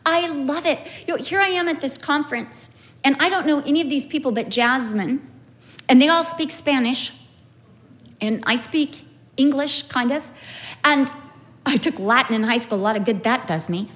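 High-voiced woman teaching the Bible. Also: normal speed. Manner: animated storytelling, acts out quoted people. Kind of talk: conversational Bible teaching with anecdotes.

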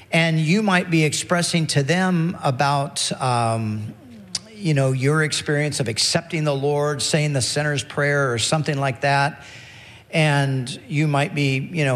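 A male pastor preaching a sermon in a relaxed, conversational way, often restarting his phrases. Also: a little high, big-room sound. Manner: conversational, many restarts and "you know".

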